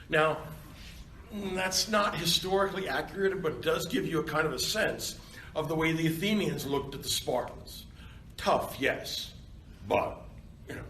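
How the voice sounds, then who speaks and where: A male university lecturer giving a seminar lecture in an animated, conversational way, often checking in with his students. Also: on the high side, far from the mic. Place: seminar classroom. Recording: roomy classroom with faint background noise.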